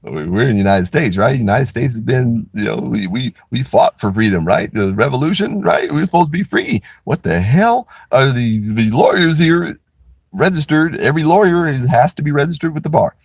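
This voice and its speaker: Gravelly husky-voiced man ranting. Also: mid-range voice, expressive, brisk, no room sound, studio quality. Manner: rambling, frequent restarts, blunt and profane. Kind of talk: casual ranting monologue.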